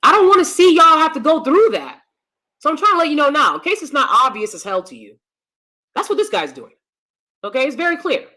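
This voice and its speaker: Woman host, live-stream commentary; bright, edgy tone, blunt and profane delivery. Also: high voice, sing-song, a little fast.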